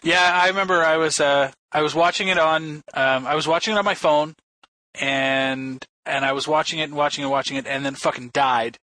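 A man telling a story in casual podcast chat, excitable and swearing freely. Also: a little high, a little fast, no echo, poor audio.

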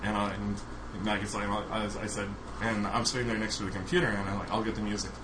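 A man's voice: on the low side, little pitch movement, fast talker. A man casually telling a funny story on a podcast, laughing often as he goes. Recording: noisy recording.

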